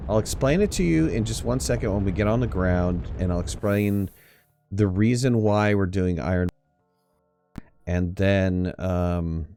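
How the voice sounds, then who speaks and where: A man's voice: low voice, a little mellow. A young man hosting a casual multiplayer game stream, joking and laughing often with his teammates. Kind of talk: casual gaming chat.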